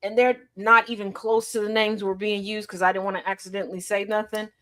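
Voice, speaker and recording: A woman's voice: medium pitch, level tone, brisk, sharp tone. A woman co-hosting a casual podcast, talking in a loose, slangy way and laughing often as she tells stories. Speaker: podcast co-host.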